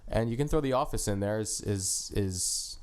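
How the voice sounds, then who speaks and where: A man's voice: fairly low pitch, moderate pace, a little mellow, smooth. A man co-hosting a podcast in casual chat, full of teasing, jokey banter. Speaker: podcast co-host.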